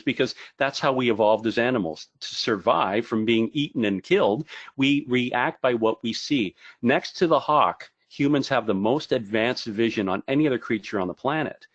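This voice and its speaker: A man giving an animated, jokey webinar presentation on video marketing to brokers, with self-deprecating asides. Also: mid-range voice, no echo, dull audio.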